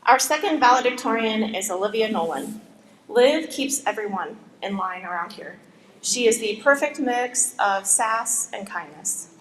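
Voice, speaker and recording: A woman's voice: on the high side, expressive. Woman announcing in an echoing hall. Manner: measured, announcing. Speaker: school staff presenter. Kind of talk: formal introduction at a ceremony. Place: school graduation ceremony. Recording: roomy hall with faint background noise.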